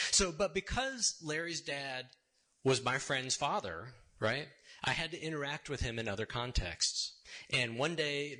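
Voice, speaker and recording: A man's voice: mid-range voice, bright, forceful tone, husky. A man giving a conversational, storytelling sermon in a church, casual and wry, often checking in with his listeners. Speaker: sermon speaker. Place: church sanctuary.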